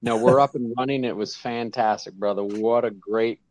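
A pastor calling in to a livestream, friendly and brisk, laughing as he gives his update. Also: mid-range voice, steady tone, a little mellow. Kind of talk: casual call-in update.

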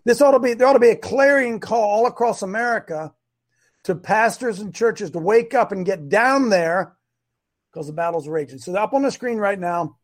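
High-pitched middle-aged guy hosting a live stream, fiery, keeps repeating himself for emphasis. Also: normal speed. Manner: emphatic, repeats points, rising to loud preaching. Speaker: host of a live online show. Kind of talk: fiery preacher-style live stream talk.

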